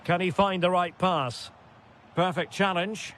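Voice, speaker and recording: Man, football video game commentator, high voice, bright tone, clipped player-name calls, shouted goal calls. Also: unhurried, slight background noise.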